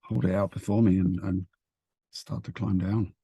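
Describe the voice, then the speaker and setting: Gravelly, husky low-voiced man. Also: little pitch movement, normal speed, warm tone, dry recording. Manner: hesitant, low-key. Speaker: player. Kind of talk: in-character tabletop play.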